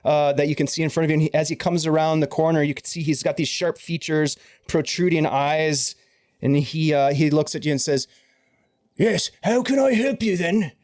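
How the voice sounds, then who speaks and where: A man's voice: on the high side, level tone, brisk, darkish tone, dry recording, studio quality. A man narrating a tabletop game as game master, rambling through restarts. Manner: rambling, many restarts and fillers.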